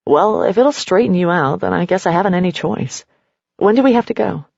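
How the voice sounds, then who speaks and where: A woman's voice: lowish voice, animated, a little fast, creaky, darkish tone, breathy edge, no echo, dull audio, full character voice. A woman reading the lines of a controlling, angry partner in a curt, scolding way.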